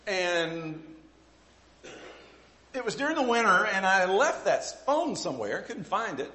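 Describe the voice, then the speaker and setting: A man's voice: a little high, fairly bright tone. A middle-aged male pastor preaching a sermon with folksy, self-deprecating stories. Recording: echoey room.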